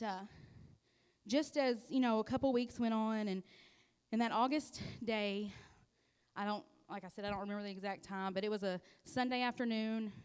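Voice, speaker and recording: Woman, church testimony, halting and heartfelt, slightly high voice, long church-hall reverb. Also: smooth. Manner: halting and heartfelt, with frequent pauses and restarts. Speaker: church member giving a testimony. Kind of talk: personal testimony to a congregation. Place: church sanctuary.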